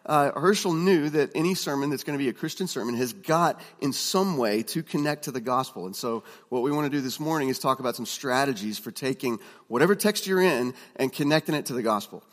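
A man's voice: medium pitch, expressive, brisk, hardly any pauses. Guy giving a preaching class, lots of uhs and restarts, big echoey hall. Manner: conversational, many fillers and restarts, storytelling asides. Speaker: preaching instructor. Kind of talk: classroom teaching talk.

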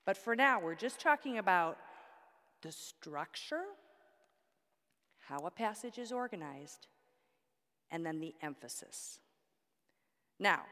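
A woman's voice: lowish voice, a bit bright. A woman teaching a Bible study class, explaining step by step with props and asking the class questions. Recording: long hall reverb.

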